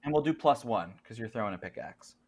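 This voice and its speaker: A man runs a tabletop horror game as its game master, with a voice of ordinary middle pitch. He narrates in a loose, chatty way, breaking into laughs and backing up to restart his sentences. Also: animated, fast talker. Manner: laughs often, lots of filler and restarts.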